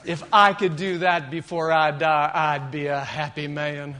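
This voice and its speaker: A man's voice: fairly high pitch, little pitch movement, unhurried, bright, forceful tone. A man voicing an earnest, pompous male programmer on death row, pleading in overly formal words.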